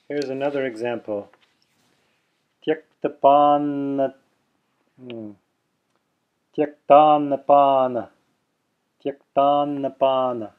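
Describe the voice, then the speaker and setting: A man giving a pronunciation lesson, explaining step by step and demonstrating sounds slowly. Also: mid-range voice, dull audio. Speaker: teacher.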